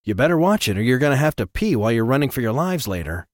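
A man reading an audiobook, voicing a nervous man who jokes to cover his anxiety, in a slightly lifted, quick voice. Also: medium pitch, sing-song, no room sound, studio quality, natural voice. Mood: wry. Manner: quick, jokey and a little anxious. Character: nervous joking man, anxious insider.

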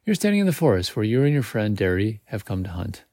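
Gravelly low-voiced man reading aloud. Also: big pitch swings, fast, darkish tone, no echo, clean studio sound. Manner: casual reading with slips and self-corrections. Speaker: podcast host.

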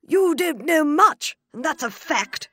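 A woman voicing a grumpy, rough-mannered duchess in a storybook reading, brusque, loud and drawn-out. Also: high-pitched, expressive, no room sound, clean studio sound, pitched above the performer's own voice, full character voice. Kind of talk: storybook character voice.

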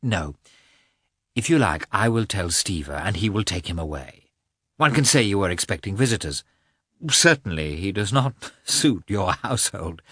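A man voicing an anxious, excitable aristocratic mother in a storybook reading. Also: deep voice, moderate pace, slightly rough, no room sound, clean studio sound, heavily acted. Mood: alarmed. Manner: fretful, excitable. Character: anxious aristocratic mother, woman, middle-aged.

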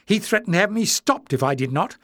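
A man's voice: sits high, expressive, a little fast, fairly bright tone, no room sound, clean studio sound, voice pushed up. A man voicing a fierce, urgent young heroine.

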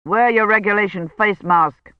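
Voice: mid-range voice, moderate pace, no echo, highs cut off, natural voice. A narrator voicing a curt, irritable older male scholar in an audiobook. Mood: brisk. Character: weary irritable older male college don.

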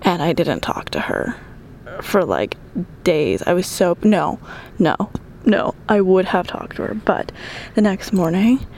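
A woman's voice: on the low side, lively intonation, unhurried, vocal fry, darkish tone, slight background noise. A young woman telling a story in casual chat, profane, often dropping into whispered asides while doing squats.

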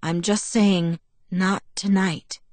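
A woman voicing a calm, teasing young man who speaks softly, in an audiobook. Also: lowish voice, takes it slowly, no room sound. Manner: soft, calm, murmured. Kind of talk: audiobook character voice.

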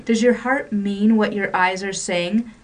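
A woman's voice: mid-range voice, fairly even intonation, a little slow, distant mic, natural voice. A woman reading a stammering young romantic man. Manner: stammering, theatrical romantic lines.

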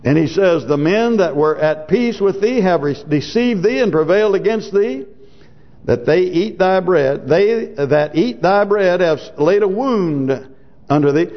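A man preaches in a high voice with a rough, gravelly grain. He reads old scripture slowly, then explains it in plain words and climbs to emphatic peaks. The recording is dull and lo-fi. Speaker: pastor. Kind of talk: sermon.

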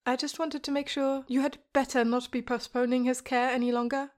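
A woman's voice: high-pitched, flat delivery, brisk, darkish tone, close to an everyday voice. A woman reading the lines of a tense, defensive young man who answers in clipped, sarcastic retorts. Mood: snappish.

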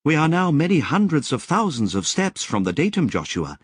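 Man putting on a lecturing male guide, raised pitch, dry close sound, calm and knowing. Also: breathy edge, dry recording. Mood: explaining. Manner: measured, lecturing explanations.

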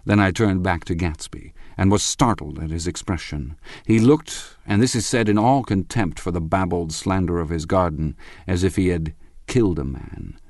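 A man narrating a literary novel as an audiobook, in a measured, expressive first-person reading. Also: low-pitched, no room sound, clean studio sound.

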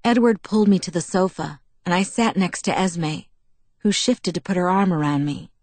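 A woman reading a story aloud in first person, in even, measured narration. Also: fairly low pitch, no echo. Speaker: audiobook narrator.

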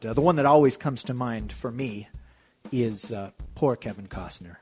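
An American man talking casually on a podcast, chatty and full of jokes. He wanders from point to point at an easy conversational pace. Soft music plays faintly beneath his voice. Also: medium pitch, moderate pace. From United States. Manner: chatty, jokey, digressive. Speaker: podcast co-host. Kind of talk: casual chat.

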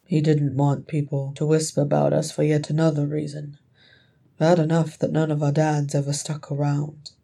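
A woman voicing a sly male dwarf, the middle brother, in a low, wry, bitter grumble. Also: completely flat delivery, normal speed, vocal fry, dark tone.

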